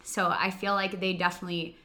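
A woman's voice: fairly low pitch, little pitch movement, brisk, pushed and bright. A young woman co-hosting a live chat, talking casually with many fillers and easy laughs. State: recovering from a cold. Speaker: co-host.

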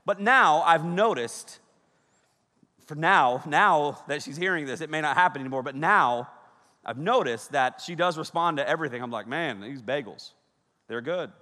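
A man's voice: on the high side, moderate pace. A male pastor preaching with humor, joking with the crowd and acting out bits of dialogue. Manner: joking, animated, acts out dialogue. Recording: long reverb of a large hall.

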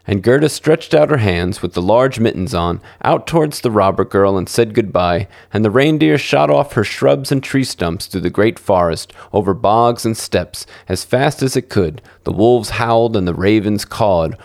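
A man with a low, gravelly voice reads a fairy tale aloud for children, lifting his pitch when characters speak. The recording is dry and close, with no room sound. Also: lively intonation, normal speed, darkish tone, no echo. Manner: acts out dialogue with lifted pitch. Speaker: storyteller.

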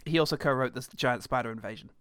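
A man's voice: mid-range voice, fast, fairly bright tone, clear, resonant tone, no echo, studio quality. A man co-hosting a comedy podcast, riffing in casual chat with mock indignation. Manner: joking, mock-indignant riffs. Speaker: podcast co-host.

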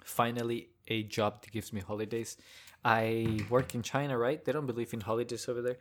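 A man's voice: medium pitch, fairly even intonation, normal speed. A young man hosting a casual solo rant, rambling and joking with frequent chuckles. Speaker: podcast host.

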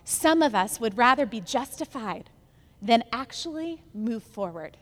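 A woman's voice: a little high, animated, unhurried, big-room sound. A woman pastor preaching a sermon, telling a story and building to emphatic repeated lines.

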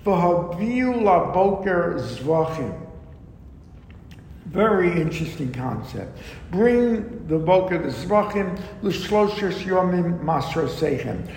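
A man teaching a verse-by-verse Bible lesson, explaining slowly and deliberately with frequent ums and asides. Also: sits high, big pitch swings, vocal fry, darkish tone. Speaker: Torah teacher. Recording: echoey room with long reverb and faint background noise.

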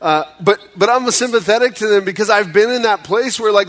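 A pastor preaching a sermon in a conversational way, acting out pleas in sudden high bursts and dropping low and slow for serious points. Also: male voice, lively intonation, fairly bright tone.

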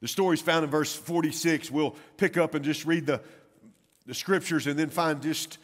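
A man in his thirties preaching a sermon to his church, telling a family story with animated swings between loud and hushed delivery. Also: on the high side, normal speed. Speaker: pastor. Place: church sanctuary. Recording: church hall with long reverb.

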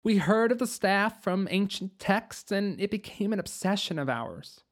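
A narrator voicing a guarded young female witch who speaks softly and pointedly. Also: medium pitch, animated, unhurried, voice pushed up, natural voice. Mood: somber.

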